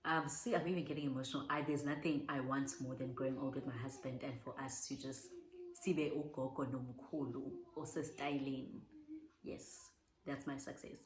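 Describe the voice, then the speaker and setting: A woman's voice: extremely low pitch, fairly even intonation, moderate pace, reverberant, poor audio. A young South African woman chatting heartfelt and casual as she answers viewer questions, slipping in Zulu words. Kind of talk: casual Q&A chat.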